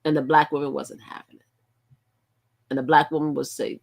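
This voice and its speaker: A woman's voice: sits low, little pitch movement, brisk, gravelly. A middle-aged woman hosting a live stream, talking in a rambling, emphatic way with frequent restarts. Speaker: livestream host. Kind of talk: casual live-stream commentary.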